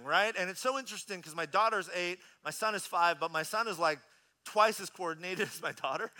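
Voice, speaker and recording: A man in his thirties preaching a sermon as a pastor, telling a personal story in an animated, conversational way. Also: high-pitched.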